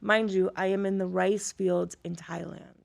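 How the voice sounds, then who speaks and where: A woman's voice: medium pitch, normal speed, vocal fry. A middle-aged woman from Florida, a former teacher, telling personal stories in conversation and acting out the dialogue she quotes. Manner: lively storyteller who acts out quoted dialogue. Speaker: guest, former high school teacher.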